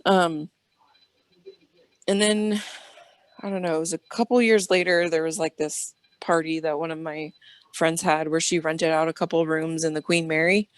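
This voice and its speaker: A woman's voice: deep voice, little pitch movement, normal speed, smooth, no room sound. A woman guest on an interview show, telling rambling personal stories in a chatty way and acting out the dialogue. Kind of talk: casual storytelling interview.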